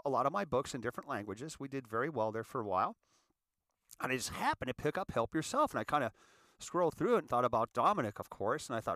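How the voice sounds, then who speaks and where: A man's voice: fairly high pitch, dry recording. Middle-aged male host, heartfelt stumbling monologue, dry close-mic sound. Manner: halting, repeats words, grows animated. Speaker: podcast host.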